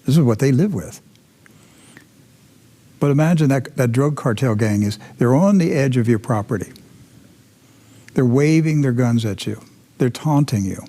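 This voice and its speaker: A man's voice: medium pitch, animated, moderate pace, warm tone. A man hosting a commentary show, telling a dramatic story with emphatic repetition and sudden drops into intense whispers.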